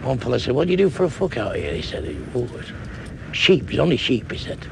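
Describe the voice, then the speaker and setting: A man's voice: mid-range voice, sing-song, fairly quick, creaky, noisy background. A man with a Mancunian accent doing a crude stand-up comedy routine, chuckling at his own punchlines.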